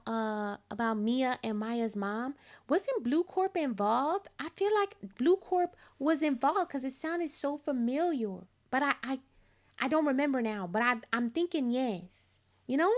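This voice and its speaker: A woman hosting a gaming channel, reading game dialogue aloud and reacting to it in animated, laughing commentary. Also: high voice. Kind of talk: let's-play commentary.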